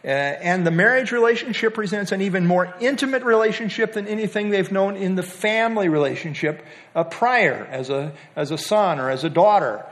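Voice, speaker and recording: An older man teaches a Bible passage in a relaxed, conversational way. His voice sits a little higher than most men's, and he often stops to restart a thought. He slips in homespun humor as he explains the verses. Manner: halting, with frequent "uh" and restarts; folksy, with light humor.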